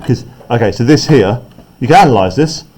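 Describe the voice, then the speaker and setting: A male teacher walking a class through a play script at a mid pitch. He talks in a loose, conversational way, explaining as he goes and tagging his points with quick checks on the students. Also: lively intonation, a little mellow. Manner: chatty, explaining, often checks in with "right?". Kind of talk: classroom text analysis.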